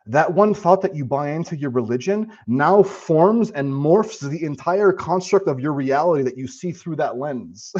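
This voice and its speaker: A man's voice: a little high, lively intonation, moderate pace, hardly any pauses, a little mellow, dull audio. A man live-streaming and answering chat in a casual, profane, rambling way, talking about spiritual ideas.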